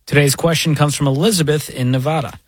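Husky higher-voiced man co-hosting a show. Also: a little fast, no room sound. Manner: jokey, emphatic. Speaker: radio show co-host. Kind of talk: call-in advice show.

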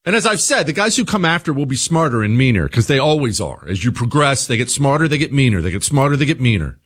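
A man's voice: medium pitch, sing-song, quick pace, slightly rough. A man hosting his own radio show, talking straight to listeners in an emphatic monologue that leans on repeated phrases.

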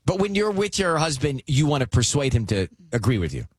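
A man's voice: medium pitch, slightly rough, dry recording. A man hosting a morning radio show, chatting casually and getting amped up as he talks. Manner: animated, quick to get amped up.

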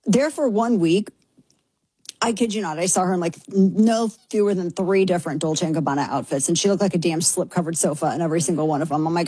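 With a lowish, warm and husky voice and no room sound, this female talk show host gives an opinion monologue. She comes across as brash and sarcastic, changing direction fast.

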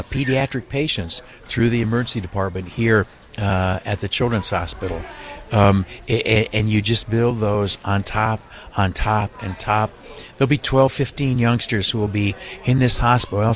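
A man hosting a charity radiothon, making an earnest, rambling appeal full of restarts and fillers. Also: on the low side. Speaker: radio host. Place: radio studio.

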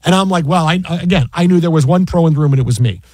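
Man, high voice, broadcaster, excited storytelling, stumbling restarts, dry sound. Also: rapid-fire, slightly rough, dry recording. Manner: excited, many restarts, incredulous. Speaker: sports broadcaster guest. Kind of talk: animated anecdote on a podcast.

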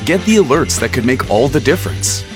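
A man reading a scripted advertisement in a steady, reassuring way. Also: medium pitch, brisk. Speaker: ad announcer. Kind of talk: scripted ad read. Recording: studio voice over music.

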